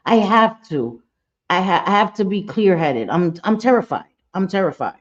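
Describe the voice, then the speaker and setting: A woman's voice: mid-range voice, big pitch swings, moderate pace. A woman hosting a livestream, chatting casually in a mid-range voice. She talks bluntly and swears a lot, and breaks off to greet viewers by name. The audio is dull and lo-fi. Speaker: livestream host.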